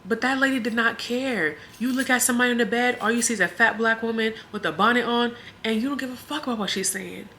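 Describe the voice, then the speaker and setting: A woman's voice: a little high, fast, hardly any pauses, sharp tone, a little hiss or hum. A woman vlogger telling a story in an emotional, indignant way. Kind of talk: storytime vlog.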